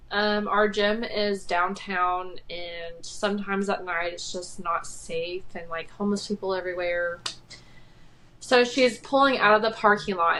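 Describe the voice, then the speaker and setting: A woman's voice: medium pitch, a bit bright, a little hiss or hum. Chatty young woman telling a story. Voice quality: slightly nasal. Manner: chatty, rambling with many likes and ums. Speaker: podcast co-host. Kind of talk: casual chat storytelling.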